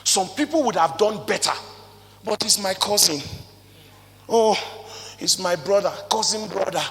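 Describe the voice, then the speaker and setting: A man with a Nigerian accent giving an animated motivational talk to a live audience, firing rhetorical questions and swinging between loud and soft. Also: sits high, unhurried, slight background noise. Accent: Nigerian English. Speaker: motivational speaker. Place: stage in a hall before an audience. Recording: long reverb of a large hall.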